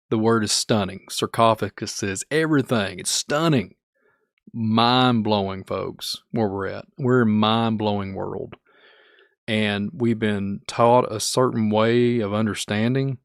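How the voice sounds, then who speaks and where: Kentucky guy rambling on his stream, low gravelly voice, dry sound. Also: no room sound. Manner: rambling, repeats himself, restarts words. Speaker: podcast host. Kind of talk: casual livestream talk reading chat.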